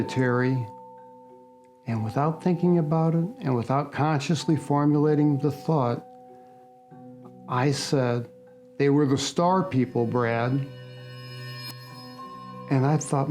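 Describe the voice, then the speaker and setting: Older man, documentary testimony, slow and unhurried, mellow tone, soft music behind. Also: a little high. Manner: slow, reflective storytelling. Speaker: interviewee recounting experience.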